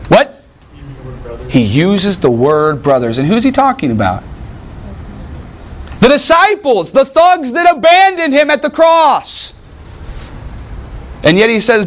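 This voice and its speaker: A man preaching a sermon, dramatic, swinging from loud bursts to hushed lines and acting out quotes in voices. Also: very high voice, huge pitch swings, slow pace, long pauses, slight background noise. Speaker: pastor.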